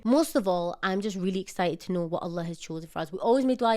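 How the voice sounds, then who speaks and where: Fast-talking woman telling a story. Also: lowish voice. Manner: animated, dramatic storytelling with playful slang. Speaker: vlogger. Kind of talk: storytime vlog.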